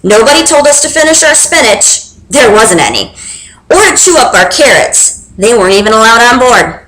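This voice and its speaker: A young woman reading a children's book aloud with expressive, animated storytelling. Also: fairly high pitch, normal speed. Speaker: reader. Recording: roomy echo.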